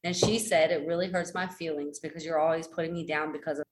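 A fast-talking woman in her forties, with fairly even intonation, comes through poor audio that carries a little hiss or hum. She tells a personal story in a rambling, self-deprecating way with many fillers and restarts, acting out others' words with big pitch jumps.

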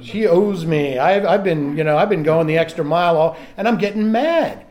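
A middle-aged man sharing candidly in a recovery group, self-mocking and halting, often restarting his sentences. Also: a little high, lively intonation, a little mellow.

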